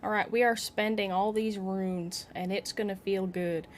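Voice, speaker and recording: A woman streamer chatting casually with her viewers while playing, excitable and giggly. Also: medium pitch, moderate pace, a little hiss or hum. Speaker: game streamer. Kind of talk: casual live-stream chat.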